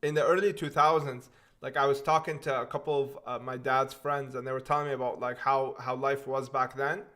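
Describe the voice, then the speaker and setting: A young man hosts a relaxed live question-and-answer stream, reading viewer questions aloud and answering off the cuff. His voice sits at an average pitch, and he talks in an easygoing, offhand way, often tossing in "man" at the end of a line. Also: a little fast. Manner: laid-back and offhand, often says "man". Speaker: livestream host.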